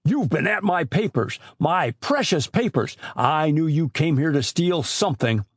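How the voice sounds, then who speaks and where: A man voicing a raging, suspicious old sea captain who bellows and shouts accusations, in an audiobook. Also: a little high, expressive, a little slow, slightly rough, no echo, clean studio sound, pitched above the performer's own voice, full character voice. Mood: shrieking fury.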